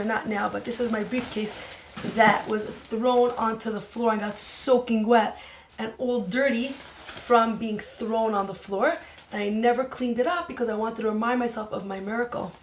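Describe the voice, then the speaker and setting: A woman's voice: fairly high pitch, echoey room. A woman podcast host telling a frightening personal story with intense emotion and then giving an inspirational talk. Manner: emotional, intense retelling with dramatic voicing.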